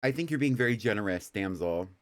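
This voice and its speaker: A man's voice: fairly low pitch, lively intonation, fast talker. A man co-hosting a live fashion review stream, talking in a sassy, blunt, teasing way. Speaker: co-host reviewing fashion submissions. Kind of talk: casual livestream chat.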